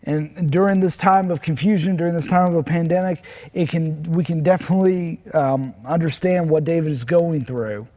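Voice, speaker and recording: A man's voice: fairly high pitch, moderate pace, mellow. A man speaking as a pastor, giving a short, earnest devotional message in a plain, conversational way with some restarts. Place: church.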